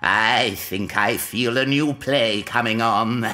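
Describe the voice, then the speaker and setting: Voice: mid-range voice, slow, sharp tone. An actor playing a sinister, mocking theatre showman villain in an audio drama, with music behind.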